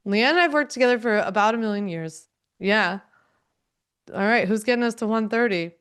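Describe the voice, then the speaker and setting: A woman's voice: mid-range voice, normal speed, a bit bright, clear, resonant tone. A woman in her thirties hosting a live online training, chatting casually with viewers, upbeat and full of fillers and small laughs. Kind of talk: casual live-stream chat, answering viewers.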